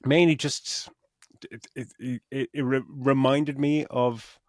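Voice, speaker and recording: A man's voice: mid-range voice, steady tone, slow pace, no room sound, clean studio sound. A middle-aged man co-hosting a podcast, rambling through a casual film review, swearing freely and acting out his own reactions. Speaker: podcast co-host.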